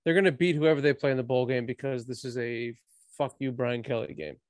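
A man's voice: medium pitch, fairly even intonation, fairly quick, darkish tone, no echo. Profane, fired-up man in a dry room. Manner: heated, profane ranting. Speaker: sports podcast co-host. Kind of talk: casual sports chat.

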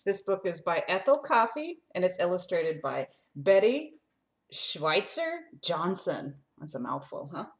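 A woman reading a picture book aloud to children, animated and sing-song, talking straight to her young listeners. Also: fairly low pitch, measured pace. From lives in Arizona desert.

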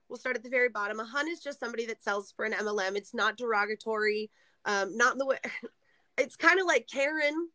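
A woman's voice: on the high side, bright, forceful tone, no echo. A woman, a former seller for a sales scheme, chatting casually as a guest on a live stream and explaining terms with frequent laughs.

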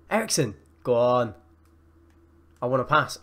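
A young man giving excitable live commentary over his own football video game matches, gasping and shouting at the plays. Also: mid-range voice, normal speed, long pauses. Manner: excitable, yells and gasps at plays. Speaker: gaming YouTuber.

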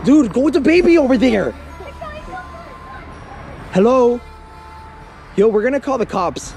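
Panicked male vlogger, high voice, frantic repeats, music bed behind. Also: sing-song, creaky, a little mellow. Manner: frightened, repeats words rapidly. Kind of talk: staged prank vlog, panicked. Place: outdoors by a car.

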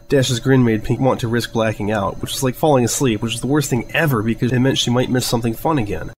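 A man narrating a fan story aloud in a steady, even reading voice. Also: medium pitch, fast talker, hardly any pauses, low-quality recording. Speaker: fanfiction reader. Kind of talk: audiobook narration.

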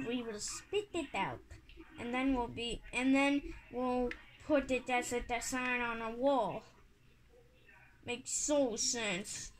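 Brief: female gaming host, goofy and rambling, high-pitched, unhurried. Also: fairly bright tone, rough recording. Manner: silly, rambling, sing-song asides. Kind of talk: playful gameplay commentary.

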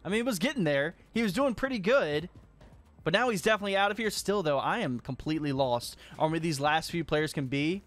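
A young man giving excited gameplay commentary while hosting a hide and seek game, laughing often and scolding players. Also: on the high side, fairly quick.

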